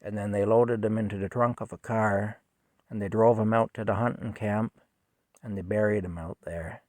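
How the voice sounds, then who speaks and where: A middle-aged man tells a personal story in a halting, rambling way that turns emotional. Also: on the low side, fairly even intonation, a little mellow, dry recording. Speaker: vlogger telling a personal story. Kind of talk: casual storytelling monologue.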